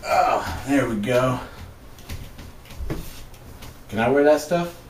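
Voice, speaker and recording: A young man hosts a homemade comedy sketch with deadpan, jokey banter. His pitch swings in a lively way from line to line. He sits back from the mic in an echoey room with a faint hiss behind him. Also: unhurried. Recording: roomy, far from mic, faint noise.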